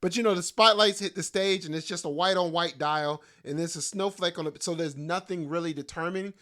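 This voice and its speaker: A man's voice: high-pitched, a little fast, sharp tone. A middle-aged man, hosting his own podcast as a stand-up comic, rambling casually and joking at his own expense in loose slangy talk. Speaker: podcast host and stand-up comedian.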